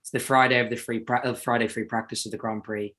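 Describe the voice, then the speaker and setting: A man's voice: medium pitch, level tone, fast, fairly bright tone. A young adult man from South Africa, a racing driver talking casually as an interview guest, rambling and self-deprecating with many restarts.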